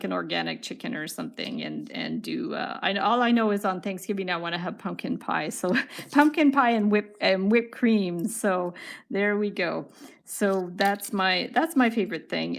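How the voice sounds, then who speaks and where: A middle-aged woman hosts a casual craft tutorial stream, chatting cheerfully with her viewers as she works. Her voice sits at an ordinary pitch for a woman. A gravelly fry runs through it. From Canada. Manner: chatty and upbeat, answering viewer comments while working. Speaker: wire craft livestream host.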